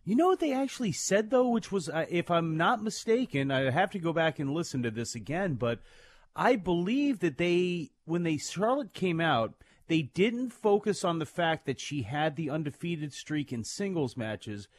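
A man's voice: on the high side, expressive, moderate pace. Rambling man on a wrestling podcast. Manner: rambling, lots of "you know" and restarts. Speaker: podcast co-host. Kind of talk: casual wrestling talk.

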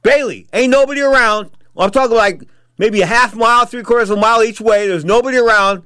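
A middle-aged man telling a story on his show, excitable, stammering and repeating words, swinging from loud to quiet. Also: very high-pitched, fast, clear, resonant tone, no room sound, studio quality. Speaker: radio host telling stories. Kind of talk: casual storytelling.

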